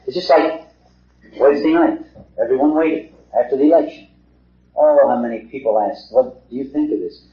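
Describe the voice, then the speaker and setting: A man's voice: mid-range voice, normal speed, long pauses. A middle-aged man giving an earnest talk to a small group, asking rhetorical questions and repeating himself. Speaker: lecturer. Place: meeting hall. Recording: echoey hall, dull 1950s tape.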